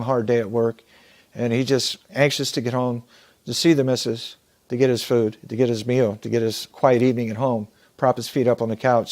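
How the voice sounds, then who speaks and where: A man giving an earnest motivational talk, telling a story in a measured way and slowing down to stress his points. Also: mid-range voice, a little mellow. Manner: measured, earnest, slows down for emphasis. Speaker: motivational speaker.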